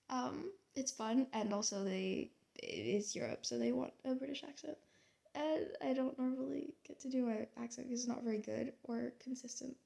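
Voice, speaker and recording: A woman's voice: on the high side, gravelly, dark tone. A young American woman, an artist, musing aloud in a casual, rambling monologue full of fillers and restarts. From United States. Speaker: artist and vlogger.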